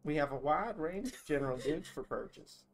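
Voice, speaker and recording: A man's voice: on the high side, lively intonation, normal speed, a little hiss or hum. A man voicing a chipper female general-store clerk with a put-on country twang and stiff customer-service phrasing, reading game dialogue aloud. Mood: polite, scripted.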